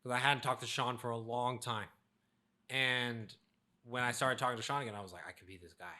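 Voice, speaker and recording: A young man with a bright, forceful voice chats casually as a podcast co-host. He tells stories about his past, acts out his old self and laughs often. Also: mid-range voice, steady tone, normal speed. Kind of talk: casual chat.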